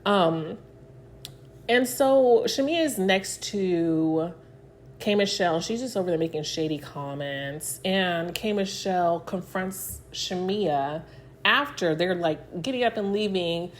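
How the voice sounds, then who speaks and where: Slowly and with animation, a woman with a fairly low voice recaps a reality TV episode in a casual, filler-laden way, performing the cast's quotes. Slight background noise is present.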